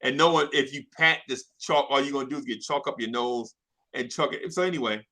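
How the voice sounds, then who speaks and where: A man telling a childhood story in casual chat, animated and slangy, often laughing. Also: mid-range voice, a little fast. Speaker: podcast storyteller.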